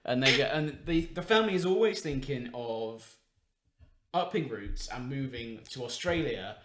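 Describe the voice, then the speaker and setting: A man's voice: medium pitch, expressive, moderate pace, a bit bright. A man co-hosting a podcast, explaining things in a dry, wry way. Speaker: podcast co-host. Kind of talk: casual chat. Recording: roomy echo.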